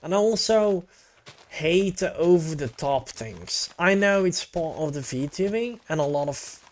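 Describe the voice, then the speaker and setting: A man's voice: fairly high pitch, animated, a little slow. A male VTuber chatting casually with his stream, laid-back and rambling, with casual swearing.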